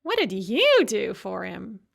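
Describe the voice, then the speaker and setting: A woman's voice: medium pitch, huge pitch swings, slow pace, creaky, exaggerated voice. A woman narrator voicing a supercilious, self-absorbed young woman activist who whines and talks down to others. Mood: scornful. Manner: condescending, complaining.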